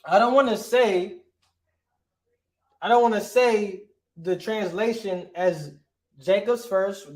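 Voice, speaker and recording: Man, unhurried teacher, slightly high voice, echoey room, informal lesson style. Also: a little mellow. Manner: casual, repeats "right?" often, pauses to look things up. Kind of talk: informal Bible language lesson.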